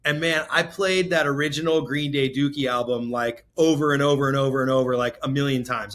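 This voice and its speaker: Podcast guest: man, 40s, slightly higher voice, earnest and rambling, emotional candor. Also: fast, hardly any pauses, fairly bright tone. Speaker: guest, real estate entrepreneur. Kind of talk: candid podcast interview.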